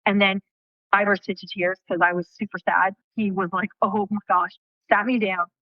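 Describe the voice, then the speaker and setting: Woman, interview guest, animated storytelling, acts out quotes, casual swearing, dry dull sound. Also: medium pitch, moderate pace, no echo.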